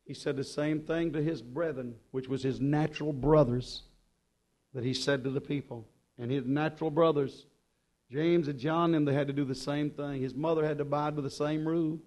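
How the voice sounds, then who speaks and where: A man's voice: fairly even intonation, normal speed. Impassioned preacher man. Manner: impassioned, swinging between loud urgent peaks and quiet low passages. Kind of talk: sermon.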